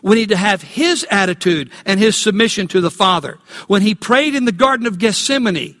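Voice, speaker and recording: High-voiced pastor preaching in a reverberant hall. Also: male voice, sharp tone. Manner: call-and-response questions to congregation; slows and stresses key words. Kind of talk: sermon. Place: church.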